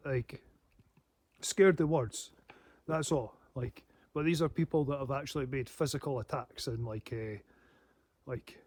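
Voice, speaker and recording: A man's voice: medium pitch, a little mellow, dry recording. Swearing man, rambling. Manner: heavy swearing, laughing to himself. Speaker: paranormal channel host. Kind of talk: casual rambling monologue.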